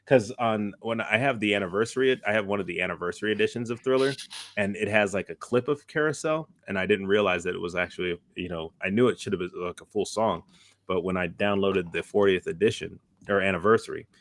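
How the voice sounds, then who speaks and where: A man's voice: on the low side, fast, a bit bright, no room sound. A man co-hosting a live talk show, chatting casually, laughing often and restarting his sentences. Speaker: podcast co-host. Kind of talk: casual chat.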